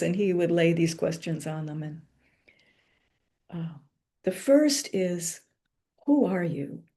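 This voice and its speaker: Slow, mellow-voiced woman lecturer. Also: fairly low pitch. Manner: slow, meditative, with pauses and soft asides. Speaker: lecturer and author. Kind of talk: reflective spiritual lecture.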